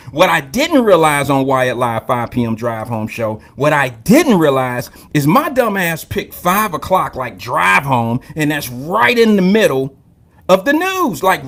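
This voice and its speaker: Young male live-stream host, AAVE, high and very lively voice, profane, joking storyteller. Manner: loose, profane, joking storyteller who greets viewers by name. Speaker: host of a live call-in drive-time show. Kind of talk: casual live-stream monologue.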